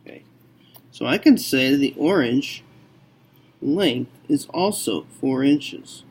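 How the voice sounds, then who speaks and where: A man teaching a math lesson, working through a problem slowly and thinking aloud with frequent okays. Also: mid-range voice, expressive, a little mellow, slightly rough.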